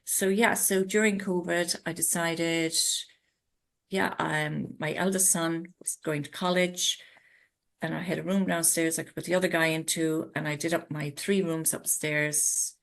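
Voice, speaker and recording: A woman's voice: sits low, steady tone, measured pace, gravelly. A middle-aged Irish woman, a guest in a casual interview, telling her story with animation and acting out her own past thoughts. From Ireland. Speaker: interview guest, retreat owner.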